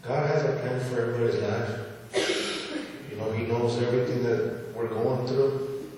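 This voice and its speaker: A man's voice: medium pitch, steady tone, moderate pace. A man speaks earnestly to a congregation, his voice washing through a large, very reverberant sanctuary. He is picked up from some distance, with a faint room hum underneath. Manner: earnest, repetitive, emotional. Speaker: church testimony speaker. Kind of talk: personal testimony to a congregation. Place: church sanctuary. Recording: echoey hall from far off.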